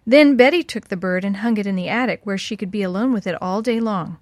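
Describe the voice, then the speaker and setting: A woman reading a children's story aloud in a gentle, expressive way. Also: medium pitch, quick pace, dry recording.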